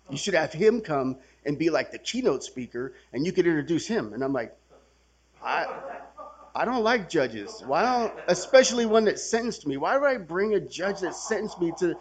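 A man's voice: on the high side, breathy edge. A man sharing his recovery story at a workshop in a casual, conversational way, swearing and laughing as he acts out the people in it. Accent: Californian. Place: workshop gathering room.

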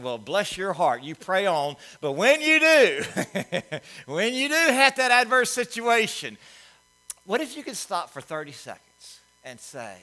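A middle-aged man preaching a sermon, folksy and animated, telling stories with asides. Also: on the high side, measured pace. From Alabama, US. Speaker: pastor.

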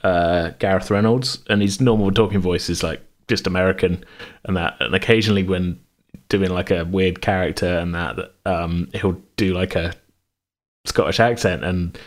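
A man's voice: sits low, moderate pace. A man, a podcast host, chatting casually with lots of laughs and rambling fillers. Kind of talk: casual chat.

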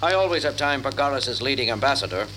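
A man's voice: medium pitch, animated, fast talker, sharp tone, slight background noise. A man playing an earnest, courteous male starship captain who narrates log entries and talks with guests. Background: music.

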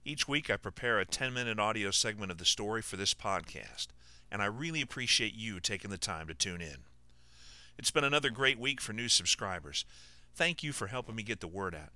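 Man, author narrating his novel, measured, low voice, bright tone, dry close sound. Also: lively intonation, dry recording. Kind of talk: audiobook narration.

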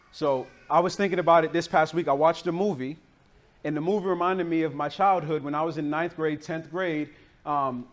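A man preaching a sermon, telling a childhood story in a casual, slangy, animated way, originally from the northern United States. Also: fairly high pitch. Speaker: pastor.

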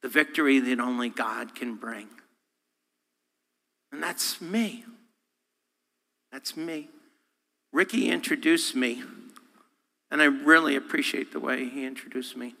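A man, a guest speaker, preaching a sermon with animated, humorous delivery, acting out voices and quotes. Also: mid-range voice, measured pace, gravelly, pauses often. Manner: humorous, self-deprecating. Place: church sanctuary. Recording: long hall reverb.

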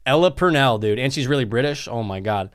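A man's voice: mid-range voice, expressive, fairly quick, clean tone. A man co-hosting a podcast, chatting casually and joking with some profanity about a movie. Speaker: podcast co-host. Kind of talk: casual movie review chat.

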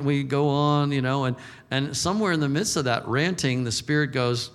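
A man's voice: mid-range voice, moderate pace, clean tone. A man preaching a sermon in an informal, conversational way, acting out the voices he quotes and chuckling now and then. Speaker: pastor. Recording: long reverb of a large hall.

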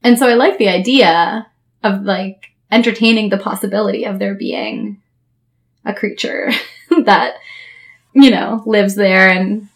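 Speaking at a measured pace in a mid-range voice, a woman co-hosting a podcast keeps things casual. She rambles with plenty of fillers and laughs frequently.

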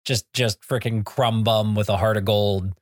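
A man's voice: lowish voice, fairly even intonation, normal speed, no echo, studio quality. A man co-hosting a podcast, chatting enthusiastically about a comic with casual swearing and lots of fillers. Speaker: podcast co-host. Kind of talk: casual comic book discussion.

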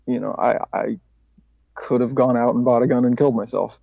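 Gravelly man telling his story. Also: mid-range voice, fairly even intonation, brisk, no echo. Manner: rambling, casual, swears, laughs at himself. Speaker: podcast guest. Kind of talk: candid personal recovery story. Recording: dry, slightly dull podcast audio.

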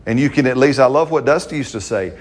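Husky-voiced preacher. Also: male voice, mid-range voice, expressive, quick pace. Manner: conversational, playful, acts out quotes with laughs. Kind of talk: sermon.

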